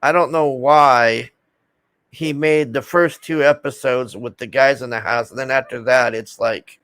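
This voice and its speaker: A man ranting casually to his viewers, swearing often and ending his gripes with a drawn-out "man" as his voice drops. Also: medium pitch, steady tone, a bit bright, no room sound. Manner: profane, exasperated, trailing off with "man". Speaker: video host.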